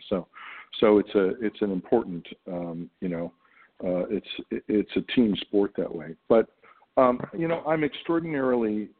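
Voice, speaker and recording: A middle-aged man from the United States speaks in a very low, husky voice, musing his way through answers with frequent ums and restarts. The sound is thin and phone-like, as if over a narrow line. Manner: thoughtful, halting, many fillers and restarts. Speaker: actor guest. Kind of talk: casual interview talk.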